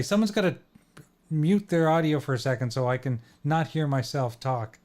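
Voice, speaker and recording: A man's voice: medium pitch, a little mellow. A man hosting a podcast, chatting casually and talking through technical fixes with an apologetic manner. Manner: apologetic, troubleshooting aloud. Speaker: podcast host. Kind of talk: casual chat.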